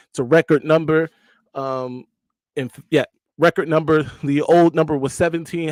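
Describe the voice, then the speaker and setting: A chatty man hosts a live stream. His voice sits a bit high, and he keeps drifting into joking asides. The recording is close and dry. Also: no echo. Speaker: host. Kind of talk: casual live-stream commentary.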